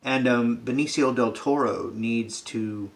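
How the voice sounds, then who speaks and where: A man's voice: mid-range voice, unhurried. A man giving a sarcastic, profane comedic rant about a film, acting out characters' lines as he goes. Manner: sarcastic, swears a lot, acts out characters' lines.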